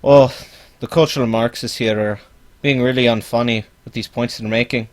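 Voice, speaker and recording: A man's voice: mid-range voice, fairly even intonation, moderate pace, close to an everyday voice. A man doing a parody impression of a smug, preachy male online commentator who keeps begging for donations. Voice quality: pompous, preachy. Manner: self-promoting, repeats donation pleas.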